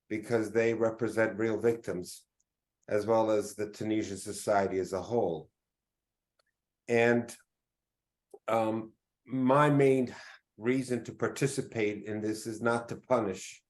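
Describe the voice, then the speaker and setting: Measured man speaking at a press conference. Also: fairly low pitch. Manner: measured and deliberate, with frequent filler pauses. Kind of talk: formal press conference statement.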